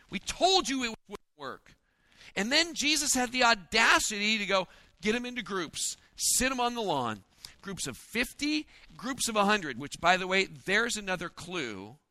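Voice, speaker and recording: A man preaching a sermon in a folksy, joking way, acting out the disciples' lines in quick asides. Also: high-pitched, bright, forceful tone, dry recording. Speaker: pastor.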